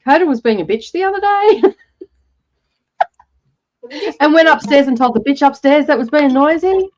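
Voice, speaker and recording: Woman, high and giggly, loose casual livestream co-host, dull lo-fi sound. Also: expressive, moderate pace. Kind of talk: casual chat.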